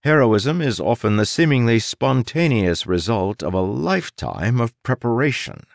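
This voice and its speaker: Guy reading an audiobook, lots of dramatic pauses, wry, swoopy lively delivery. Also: mid-range voice, creaky, dry recording, studio quality. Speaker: audiobook narrator. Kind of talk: scripted narration.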